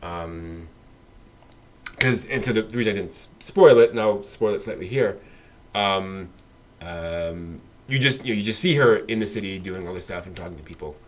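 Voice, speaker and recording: A man's voice: deep voice, normal speed. A man co-hosting a casual anime discussion, rambling with many fillers and restarts. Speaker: podcast co-host.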